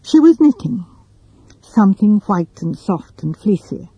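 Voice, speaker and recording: A woman narrating a classic story in a measured, deliberate reading. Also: medium pitch, big pitch swings, warm tone, breathy edge, no echo, dull audio.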